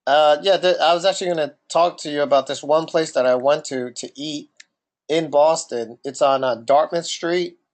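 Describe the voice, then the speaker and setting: A man's voice: a little high, moderate pace. A man with a New Jersey accent co-hosting a casual podcast, talking in a rambling, questioning way. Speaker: podcast co-host.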